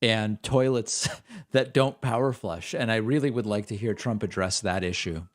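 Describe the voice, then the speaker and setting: A man's voice: lowish voice, moderate pace. Sarcastic man hosting a live commentary stream. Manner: sarcastic asides. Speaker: host. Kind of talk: live political commentary over played footage.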